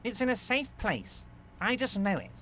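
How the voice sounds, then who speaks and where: A man's voice: sits high, sing-song, normal speed, bright, forceful tone, a little hiss or hum, voice pushed up, heavily acted. A man voicing a smug, fawning, powerful middle-aged man who speaks with mock concern.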